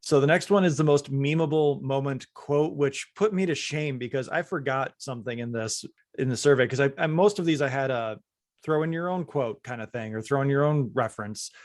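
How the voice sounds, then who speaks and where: A man's voice: medium pitch, a little fast, no room sound. Podcast host guy, earnest and reflective, mid voice, dry sound. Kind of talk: casual chat.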